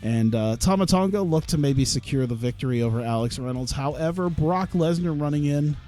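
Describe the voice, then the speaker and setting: Soft music plays behind a young man as he streams a wrestling management game, laughing, cursing, and rambling through casual let's-play commentary. He speaks briskly, with a fairly high pitch and a dark tone.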